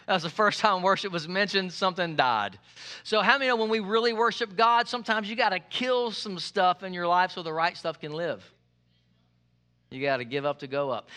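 A male pastor preaching a sermon, lively and joking with the congregation, repeating his key phrases. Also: sits high, smooth.

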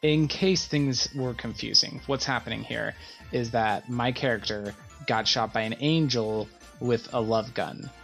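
Very deep-voiced woman gamer. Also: a little slow, gravelly, fairly bright tone, soft background music. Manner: chatty, reads game text aloud, grumbles. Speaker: gamer streaming a visual novel. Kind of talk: casual let's-play narration.

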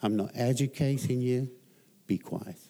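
A stern Jesus , as a male preacher puts him on, gives blunt orders in a firm, mid-pitched voice. The delivery is slow and unhurried. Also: warm tone, natural voice. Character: stern commanding Jesus casting out demons.

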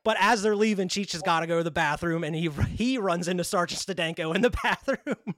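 A man's voice: sits high, fairly quick, a bit bright. A man reviewing a film in casual podcast chat, laughing often while retelling scenes. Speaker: movie reviewer.

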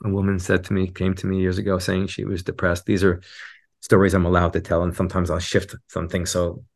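A man with a lowish voice talks through ideas in a reflective podcast conversation. He is an animated storyteller who jumps his pitch up whenever he acts out what someone else says. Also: a little fast, gravelly. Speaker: guest teacher.

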